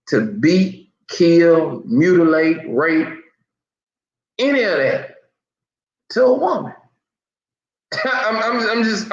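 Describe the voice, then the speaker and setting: Man, fairly high voice, emphatic, repetitive restarts, echoey room, muffled lo-fi audio. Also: fairly bright tone. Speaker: online news commentator. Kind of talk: impassioned commentary. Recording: roomy, dull lo-fi sound.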